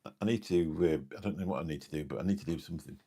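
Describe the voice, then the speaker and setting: A very low-pitched English man in his fifties with a gravelly edge and a husky, rough tone. He chats on a late-night live stream, wandering from point to point and losing his thread as he answers viewers. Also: very fast, warm tone. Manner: rambling, forgetful, chatty, answers viewer comments. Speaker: live streamer and taxi driver.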